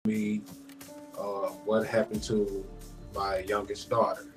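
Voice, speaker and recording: A male talk show guest with a fairly low voice. He speaks haltingly, pausing and restarting. A faint bed of music plays beneath him. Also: monotone. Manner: halting, hesitant.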